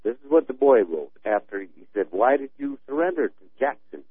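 A man's voice: medium pitch, very animated, fairly quick, husky. A man calling in to a talk radio show, ranting in a folksy, fired-up way and telling homespun stories. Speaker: radio caller. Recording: tinny phone line.

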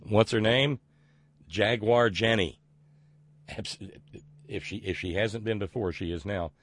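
A man's voice: lowish voice, a little slow, fairly bright tone. A man hosting a live talk show, reading listener messages aloud in a rambling, sardonic way with plenty of fillers. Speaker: show host.

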